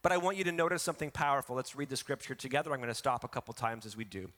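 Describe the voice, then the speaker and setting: A male pastor preaching a sermon with emphatic delivery, swinging between quiet asides and loud, rising lines. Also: medium pitch, racing, hardly any pauses. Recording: reverberant hall.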